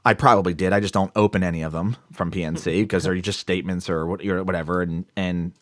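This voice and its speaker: A man co-hosting a podcast, telling a story in a casual, animated way and swearing now and then. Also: deep voice, quick pace, no room sound, clean studio sound. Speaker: podcast co-host.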